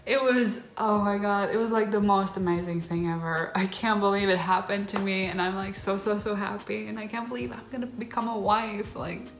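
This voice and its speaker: Near tears with excitement, a young vlogger gushes through a personal story, packing it with fillers. She talks at a moderate pace in a medium pitch, rarely pausing, and the recording echoes roomily.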